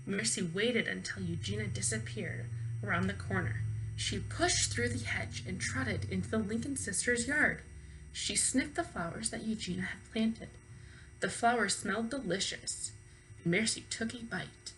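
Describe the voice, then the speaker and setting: A woman teacher reading a children's book aloud expressively, pausing to ask her young listeners questions. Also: mid-range voice, fairly bright tone, a little hiss or hum, rough recording.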